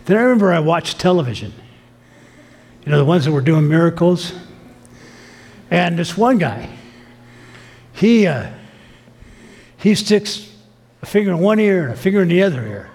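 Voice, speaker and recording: A man's voice: on the high side, animated, normal speed, pauses often, a little mellow. A man preaching a sermon, telling stories with emphatic, acted-out quotes. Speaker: pastor. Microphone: filmed sermon.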